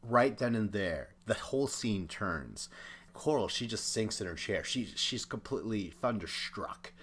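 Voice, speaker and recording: A man's voice: lowish voice, animated, a little slow, a bit bright, breathy edge. A young man hosting a podcast, giving a chatty, opinionated recap and acting out the quotes. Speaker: podcast host. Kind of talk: casual recap commentary.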